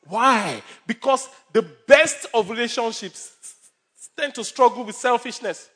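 A man's voice: very high-pitched, animated, unhurried, pushed and bright, husky. A male pastor preaching a sermon with numbered points, stories and humor.

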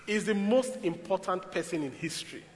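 A man preaching a sermon, telling stories in an animated way with sudden loud bursts, in a church hall. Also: high voice, a little fast. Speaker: pastor. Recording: echoey hall with long reverb.

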